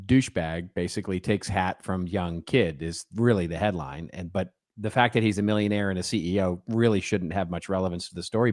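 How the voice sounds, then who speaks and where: A middle-aged man co-hosting a podcast, with a fairly low voice and a chatty, wry way of telling stories. He often restarts his sentences in loose banter. The recording is close and dry. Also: no echo. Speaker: podcast co-host.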